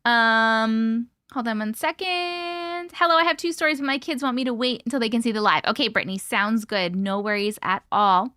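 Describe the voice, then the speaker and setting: A woman hosting a casual livestream, reading viewer comments aloud and greeting people by name, playful and quick to laugh. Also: fairly high pitch, bright, forceful tone, clean tone, no echo, clean studio sound. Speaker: livestream host.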